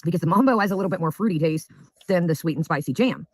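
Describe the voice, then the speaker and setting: A man's voice: on the high side, quick pace, slight background noise. A man in a casual home vlog, rambling chattily while tasting food. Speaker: food vlogger.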